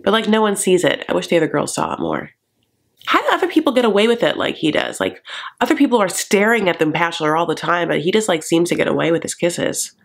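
A man's voice: sits high, sing-song, fast, creaky, fairly bright tone. A man hosting a comedic TV recap, campy and gossipy with sassy asides.

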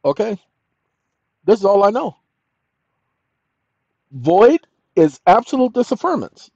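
A man's voice: high voice, big pitch swings, slow pace, vocal fry, mellow, breathy edge, no room sound. An older man telling a story as a channel host, emphatic and repeating his key lines. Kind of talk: storytelling monologue. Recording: dull lo-fi audio.

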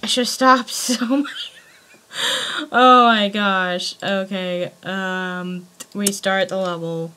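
A woman hosting a casual let's play, talking to herself with frequent excited exclamations. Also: mid-range voice, slow pace, slight background noise, rough recording. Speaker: gaming channel host.

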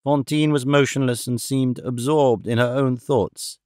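A man narrating a classic novel as an audiobook in a measured, expressive reading. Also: mid-range voice, clean tone, no room sound, clean studio sound. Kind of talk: scripted narration.

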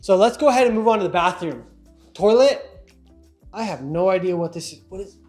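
A man's voice: sits high, animated, fairly quick, darkish tone, faint music behind. A young man giving a casual, joking tour of his new house for his vlog, chatty and self-mocking. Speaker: vlogger giving a home tour.

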